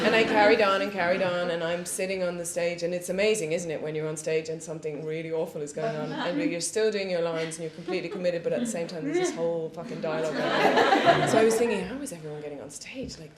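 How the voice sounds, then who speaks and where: A woman guest on a live panel telling candid, profane stories and often laughing. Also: on the low side. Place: studio panel discussion before an audience. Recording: roomy echo with faint background hiss.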